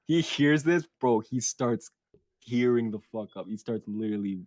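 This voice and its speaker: A man's voice: medium pitch, moderate pace, no echo. Profane young man telling a story. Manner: animated and profane, quotes others in put-on voices. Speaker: podcast co-host. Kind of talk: casual storytelling.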